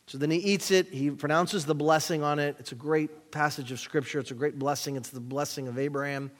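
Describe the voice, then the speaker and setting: In a church sanctuary with a reverberant hall sound, a pastor reads scripture and leads a prayer, adding plain-spoken, jokey asides. His voice is a little high, steady and brisk.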